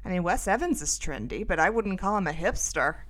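Chatty middle-aged woman rambling thru a story, bright clear voice, lots of "like"s. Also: on the low side, very animated, a little fast. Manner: chatty, rambling, self-mocking, lots of fillers. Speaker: podcast host. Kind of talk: casual storytelling monologue.

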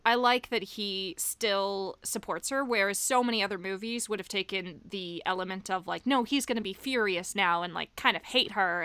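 A woman's voice: medium pitch, bright, forceful tone, clean tone, dry recording. A young woman co-hosting a casual movie discussion, chatty and laughing often. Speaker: podcast co-host.

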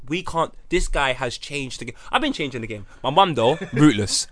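Lad, rapid-fire delivery, close dry mic, podcast co-host. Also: male voice, on the high side, expressive, fairly bright tone, no echo. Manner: rapid, emphatic, quotes himself in dialogue. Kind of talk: casual chat.

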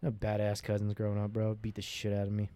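A man's voice: on the low side, completely flat delivery, quick pace, warm tone, clean tone, no echo. A man in his twenties telling crude stories in a casual, slangy way, often laughing and swearing. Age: 20s. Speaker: podcast host.

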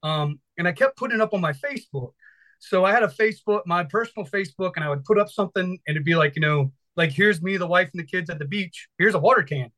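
A talkative man in his thirties from Virginia tells his story with loose, rambling energy and casual swearing. His voice sits high and sounds bright and forward. He talks like a firefighter instructor chatting on a podcast. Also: quick pace, rough recording.

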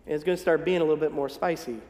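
A man from the northern United States preaching a conversational, gently humorous sermon in a church sanctuary. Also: a little high, steady tone, rapid-fire. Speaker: pastor. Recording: echoey hall with long reverb.

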